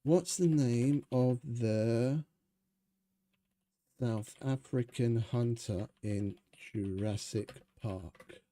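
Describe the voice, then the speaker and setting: Mellow-voiced man chatting over gameplay. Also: medium pitch, drawn-out words. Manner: rambling, chatty, swears freely. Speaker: gaming streamer. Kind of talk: casual gameplay commentary.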